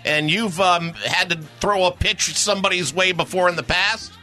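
A man hosting a talk radio show and taking calls, chatty and agreeable with quick affirmations. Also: sits high, fairly even intonation, sharp tone, soft background music. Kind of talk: casual talk radio chat.

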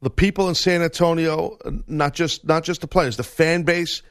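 A man co-hosting a sports radio show, talking in an animated, joking way with frequent restarts. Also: fairly high pitch, normal speed, no room sound, clean studio sound. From Italian heritage. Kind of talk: casual sports radio banter.

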